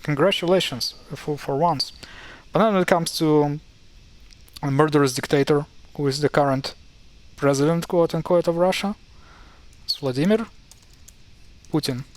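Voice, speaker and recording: Man, young adult, casual tutorial, wry, exasperated, halting with fillers, slightly high voice. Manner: wry, mildly exasperated, many fillers and restarts. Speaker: language explainer. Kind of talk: casual screen-share tutorial.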